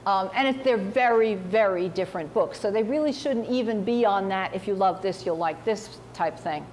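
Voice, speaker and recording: A woman's voice: mid-range voice, normal speed, darkish tone, a little hiss or hum. A woman novelist speaking at a university seminar, chatty and self-mocking, acting out remarks she quotes. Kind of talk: casual talk answering audience questions.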